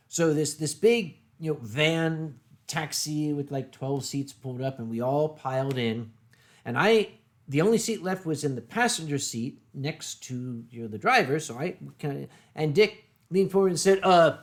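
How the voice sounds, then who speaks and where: A man's voice: on the high side, expressive. Wry middle-aged man telling stories. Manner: anecdotal, wry, drawn-out punchlines. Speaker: streamer host. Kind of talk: casual storytelling chat.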